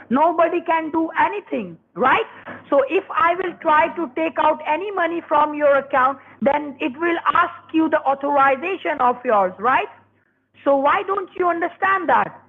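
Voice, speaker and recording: A man's voice: very high voice, vocal fry. A man on a scam phone call, speaking broken English and pushing hard, then coaxing. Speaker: scam caller.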